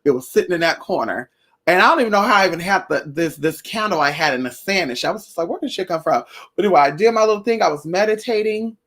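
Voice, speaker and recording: Woman, casual storytelling vlog, animated, blunt, profane, talks to viewers as y'all and honey. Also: on the low side, fast talker. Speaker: spiritual vlogger.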